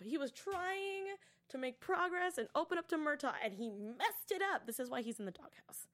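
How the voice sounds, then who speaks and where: A woman with a somewhat high voice hosts a TV after-show and recaps an episode in loose, chatty talk. She is animated, acting out the characters' lines and slipping into whispered asides. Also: fairly quick. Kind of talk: casual episode recap chat.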